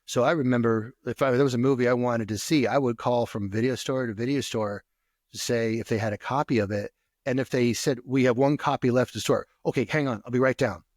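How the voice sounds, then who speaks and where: A man's voice: medium pitch, fairly even intonation, a little fast, a little mellow, no room sound, clean studio sound. A man co-hosting a podcast, reminiscing in casual chat with lots of ums and restarts. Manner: hesitant, many fillers and restarts. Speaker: podcast co-host.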